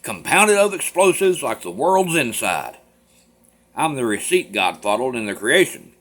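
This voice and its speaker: A man reading a play aloud, voicing a brash, excitable young man who boasts loudly and grandly. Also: medium pitch, unhurried. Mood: grandiose. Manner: loud, grandiose declamation.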